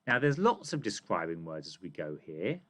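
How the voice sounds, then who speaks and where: A man's voice: low-pitched, big pitch swings, moderate pace, a bit bright. A British man teaching a reading comprehension lesson to children, asking questions and reading lines aloud with emphasis. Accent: British English. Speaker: primary school teacher.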